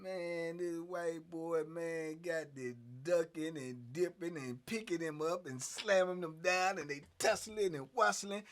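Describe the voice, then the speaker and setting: A middle-aged man telling a story in casual streetwise slang, animated and acting out the scenes. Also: fairly high pitch, measured pace, hardly any pauses.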